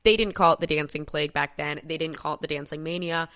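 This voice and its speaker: A woman's voice: low voice, steady tone, quick pace, a bit bright, clear, resonant tone. A woman co-hosting a casual history podcast, explaining events steadily and quoting from sources. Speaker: podcast co-host.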